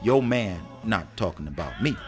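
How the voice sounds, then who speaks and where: Man co-host, lowish voice, animated delivery, faint music behind. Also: normal speed. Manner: animated, acts out quotes with big pitch jumps. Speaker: podcast co-host. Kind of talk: casual relationship talk.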